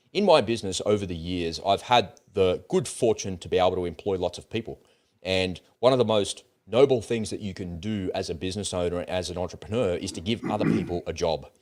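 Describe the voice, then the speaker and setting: A man in middle age holds forth in a casual, blunt monologue. His voice sits fairly low, and he tells his story with lively, animated swings and the odd curse. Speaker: host of political commentary channel.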